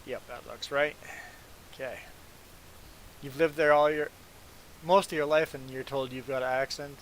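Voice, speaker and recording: Streaming a farming game, a man whose first language is not English chats casually and rambles to his viewers. His voice is medium-pitched and fairly bright, with a steady tone and moderate pace. The audio is poor, carrying a little hiss or hum.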